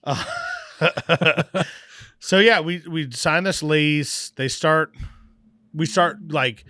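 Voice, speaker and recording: Animated man telling a story, dry close mic. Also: fairly high pitch, very slow, dry recording. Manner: animated, acts out quoted dialogue, swears casually. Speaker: podcast guest, brewery owner. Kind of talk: casual storytelling.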